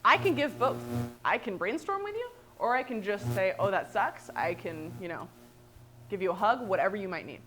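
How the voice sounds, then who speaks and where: A woman trainer presenting a workshop, lively and animated, often checking in with "right?". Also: mid-range voice, moderate pace.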